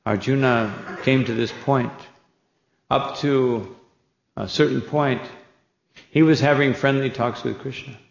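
A man's voice: mid-range voice, steady tone, takes it slowly, gravelly, long pauses. A man giving a scripture lecture as a spiritual teacher, retelling the dialogue in character and often tagging his points with "No?". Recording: echoey hall, dull lo-fi sound.

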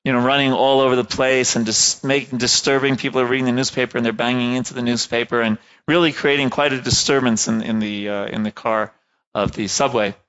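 A man's voice: medium pitch, steady tone, brisk, a bit bright, clear, resonant tone. A man lecturing casually on lo-fi audio. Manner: conversational, many fillers and "right?" checks.

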